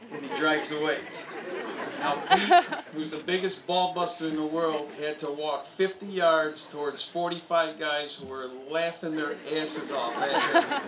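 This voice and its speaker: A man's voice: a little high, background noise. Man speaking far off in echoey stadium. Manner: anecdotal storytelling, with chuckles. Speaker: college soccer coach. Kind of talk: memorial speech. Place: outdoor stadium.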